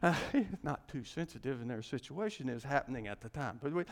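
Male pastor, folksy storyteller, animated delivery, long hall echo. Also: medium pitch, brisk, few pauses. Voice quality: animated, folksy, acts out the people in his stories. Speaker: pastor and marriage counselor. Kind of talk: storytelling sermon.

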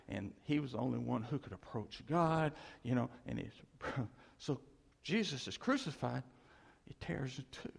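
Raspy, lively preacher in an echoing hall. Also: male voice, mid-range voice. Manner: animated, chuckling often, asks the congregation to respond. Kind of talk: sermon.

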